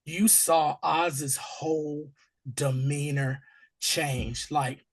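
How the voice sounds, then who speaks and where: A hoarse, husky-voiced man talks through a TV episode with a co-host. He is casual and animated and jumps into quick voices for the characters. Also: a little high. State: hoarse from allergies. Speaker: podcast host. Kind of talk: casual TV episode recap chat.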